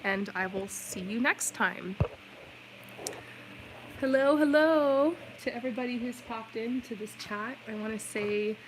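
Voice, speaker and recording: A woman's voice: fairly high pitch, a little slow, slight background noise, rough recording. Chatty woman giving a tarot reading. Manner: chatty, warm reassurance with many "like" fillers. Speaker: tarot reader. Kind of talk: live-stream tarot reading.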